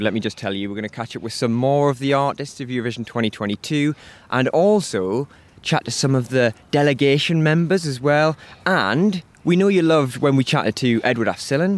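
Chatty male podcast host outdoors. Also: medium pitch. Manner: chatty, teasing. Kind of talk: casual chat. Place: outdoors by a river.

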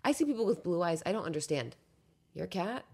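A young woman chatting casually as a podcast guest, animated and swearing freely, sometimes dropping into soft cooing whispers. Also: lowish voice, fast, vocal fry, breathy edge. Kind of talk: casual chat.

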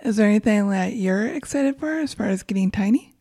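Husky, mellow woman podcast co-host. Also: medium pitch, expressive, fairly quick. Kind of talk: casual chat.

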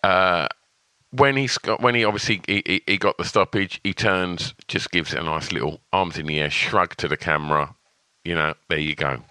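A man's voice: deep voice, fairly even intonation, normal speed, pushed and bright, smooth, dry recording. A man co-hosting a podcast, chatting casually, laughing often and restarting his sentences. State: sore throat. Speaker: podcast co-host. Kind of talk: casual chat.

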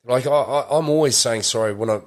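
A man's voice: mid-range voice, fairly quick. A middle-aged man, talking in a rambling way full of fillers and restarts in a casual interview. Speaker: podcast guest.

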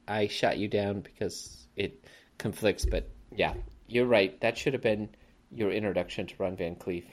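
A man hosts a laid-back podcast about a movie, rambling and laughing a lot as he chats through his review. His voice is fairly low and he talks at a normal speed.

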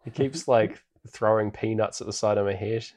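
A man co-hosting a podcast, recapping a film in a relaxed, rambling way with plenty of fillers. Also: fairly low pitch, brisk. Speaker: podcast co-host. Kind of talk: casual film recap chat. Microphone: podcast microphone.

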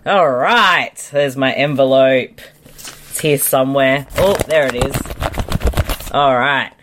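A woman's voice: a bass voice, takes it slowly, background noise. A woman co-hosting a casual podcast, presenting a mock award with wry, sarcastic asides and laughter. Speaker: podcast co-host.

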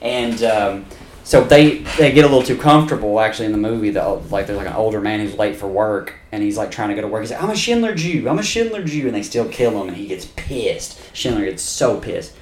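Animated swearing podcast man, roomy sound. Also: on the low side, fairly quick, a little hiss or hum. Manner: animated storyteller, acts out quotes, swears often. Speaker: podcast co-host. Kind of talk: casual chat. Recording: roomy echo.

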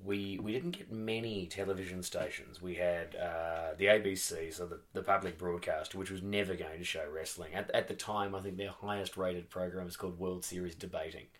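A man in his thirties with a broad Western Australian accent, chatting casually on a podcast, animated and swearing freely as he acts out crowd reactions. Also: deep voice, a little fast, hardly any pauses, background noise. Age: 30s. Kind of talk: casual chat.

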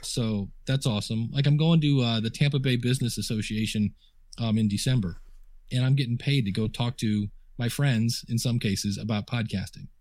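A man's voice: medium pitch, fairly even intonation, normal speed, a little mellow, no room sound, studio quality. A man guesting on a podcast interview, telling chatty anecdotes full of quoted dialogue and fillers. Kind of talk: casual storytelling interview. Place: home office desk.

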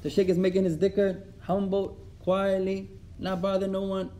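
A man teaching a religious class, telling stories with animated delivery and repeating lines for emphasis. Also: sits high, normal speed. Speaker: Islamic studies teacher. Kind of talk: religious class lesson with storytelling.

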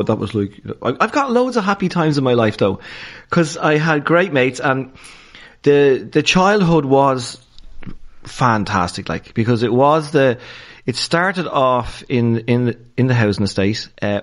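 A Dublin Irish man, a stand-up comedian guesting on a podcast. He tells childhood stories in an animated way and keeps breaking into laughter. His voice sits at an ordinary pitch for a man. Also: moderate pace. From Dublin, Ireland. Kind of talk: casual storytelling in a podcast interview.

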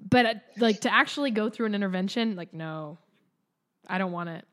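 A woman's voice: medium pitch, brisk. A woman hosting a podcast in casual chat, enthusiastic and affirming. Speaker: podcast host.

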